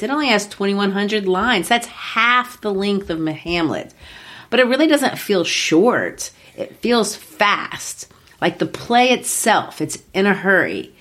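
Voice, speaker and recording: With a fairly low, fairly bright voice, a podcast co-host eagerly explains a play in relaxed conversation about literature. She taps out rhythms aloud while speaking.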